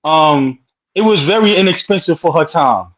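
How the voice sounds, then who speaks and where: Man with a fairly high voice in casual chat, chiming in with quick reactions; muffled, lo-fi recording. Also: expressive, fairly bright tone. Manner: chimes in with short reactions, then tells his own story.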